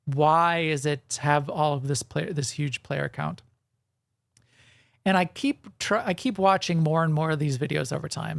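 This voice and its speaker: Gravelly-voiced man rambling as podcast co-host. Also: on the high side, no echo, studio quality. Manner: rambling, self-correcting, chuckles often. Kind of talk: casual chat.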